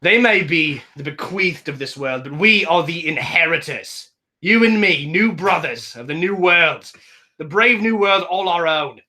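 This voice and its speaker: A man voicing a grandiose rebel who slowly and persuasively lures a stranger to his side, in a tabletop game. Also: fairly high pitch, animated, pushed and bright.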